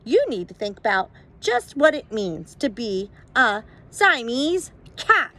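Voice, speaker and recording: A woman's voice: a little high, sing-song, takes it slowly, pushed and bright, exaggerated voice. A woman voicing a stern mother cat who scolds and lectures her kitten in a storybook read-aloud. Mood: lecturing. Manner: scolding, bossy.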